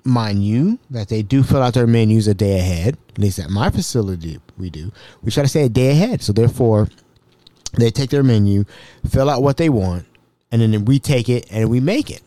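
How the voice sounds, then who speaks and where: A man hosting a podcast, telling stories in an animated, repetitive, exasperated way. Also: medium pitch, normal speed, no room sound. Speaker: podcast host. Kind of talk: casual storytelling.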